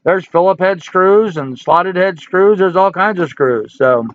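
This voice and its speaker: A man's voice: high-pitched, measured pace, dull audio. A man in his sixties hosting a casual livestream, reading viewer comments and answering in a folksy, joking, chatty way. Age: 60s. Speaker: livestream host.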